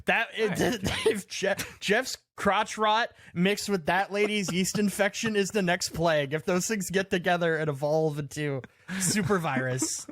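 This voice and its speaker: A man with a fairly high voice riffs and jokes through a casual podcast chat. The sound is dry and close. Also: a little slow, a bit bright, dry recording. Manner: joking, riffs on ideas. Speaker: podcast co-host.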